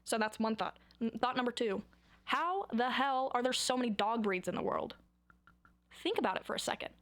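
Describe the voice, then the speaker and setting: A woman's voice: a little high, expressive, normal speed, a bit bright. A young woman chatting to camera in a rambling, goofy, self-mocking way about her own habits. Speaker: vlogger. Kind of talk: casual chat to camera.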